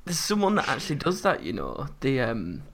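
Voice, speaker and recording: A man's voice: medium pitch, huge pitch swings, fairly quick. A man co-hosting a podcast, chatting casually with teasing asides. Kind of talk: casual chat.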